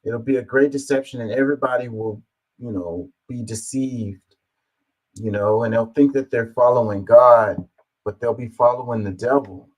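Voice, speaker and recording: A man's voice: mid-range voice, steady tone, normal speed, darkish tone, low-quality recording. A man hosting a reaction video, commenting casually and rambling as he thinks aloud, with many fillers.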